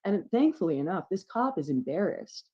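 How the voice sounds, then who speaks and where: A woman with a low, deep voice talks in a loose, unscripted chat and tells a personal story with plenty of swearing. She gets animated at times. The sound is dull and lo-fi, like call audio. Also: moderate pace, breathy edge. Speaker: podcast guest.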